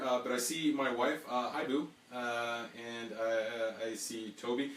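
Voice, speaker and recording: A man hosts a relaxed live podcast stream and chats about viewer comments. His voice sits in a middle pitch. It carries the echo of a room and the distance of a mic set back from him. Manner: slides into a fast auctioneer patter as a joke. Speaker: podcast host. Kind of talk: casual live-stream chat. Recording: echoey room, mic at a distance, faint hum.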